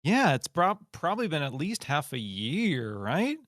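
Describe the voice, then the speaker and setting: A man chats as a podcast guest, laid-back and teasing. His voice sits a little higher than most men's. The recording is dry, with no echo. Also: big pitch swings, unhurried, fairly bright tone. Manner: laid-back and teasing, often says dude. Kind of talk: casual podcast chat.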